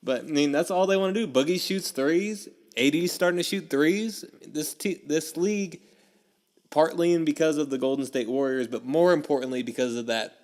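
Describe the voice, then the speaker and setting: A young man hosting a casual sports podcast, telling stories with a lot of energy and acting out his own past reactions. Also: mid-range voice. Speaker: podcast host.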